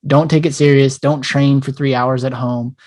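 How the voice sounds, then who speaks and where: A man's voice: medium pitch, little pitch movement, moderate pace, a little mellow. A man co-hosting a podcast, chatting casually in a blunt, profane way and telling stories with animation. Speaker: podcast co-host. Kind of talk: casual chat.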